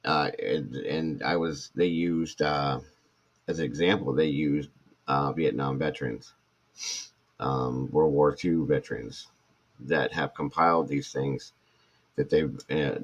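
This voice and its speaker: A middle-aged former firefighter and paramedic talks candidly to viewers, rambling with plenty of restarts and asides. His voice rumbles low, and the sound is lo-fi.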